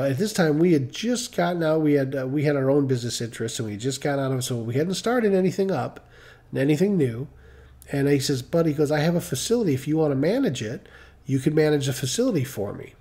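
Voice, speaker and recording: A man's voice: medium pitch, dark tone. A middle-aged man telling a story casually on a live stream, rambling and acting out the dialogue he quotes.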